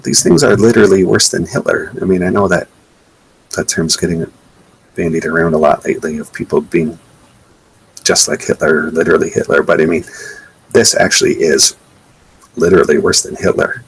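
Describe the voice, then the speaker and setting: A man's voice: low-pitched, normal speed, gravelly, pauses often, slight background noise, rough recording. A man giving a live webcast slideshow talk in an indignant, sarcastic way, often repeating himself. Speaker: presenter.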